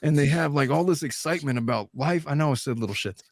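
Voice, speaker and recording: A man in his thirties hosting a casual podcast chat, blunt and animated, swearing freely. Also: a little high, fast talker, no room sound. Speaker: lawyer and channel host.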